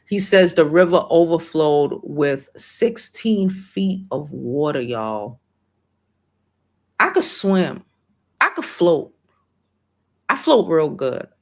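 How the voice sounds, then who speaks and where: Her voice is low, gravelly, and a little mellow as she runs a relaxed livestream. Emotional and emphatic, she curses openly and keeps repeating hopeful affirmations.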